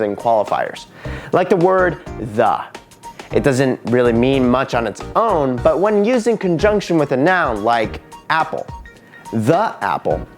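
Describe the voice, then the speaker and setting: A man hosting an educational video, explaining things in a scripted way and sometimes tapping out spoken rhythms. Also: fairly high pitch. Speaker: video essay host.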